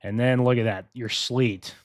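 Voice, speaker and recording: A man hosting a live weather briefing, talking casually and excitedly to his viewers. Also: medium pitch, normal speed, no room sound, studio quality. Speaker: weather streamer.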